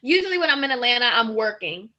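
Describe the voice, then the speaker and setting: A young woman with a bright, slightly high voice answers questions as a guest on a video call. She talks casually and fills her sentences with "like" and "um". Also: very animated, fast talker, lo-fi sound. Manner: casual, many fillers like "like" and "um". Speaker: guest, model. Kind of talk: casual interview chat.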